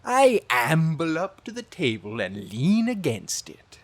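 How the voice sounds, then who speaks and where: Woman narrator for a kids' story: husky, slow, very animated. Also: sits low. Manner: animated and playful. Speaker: storybook reader. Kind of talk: expressive read-aloud narration.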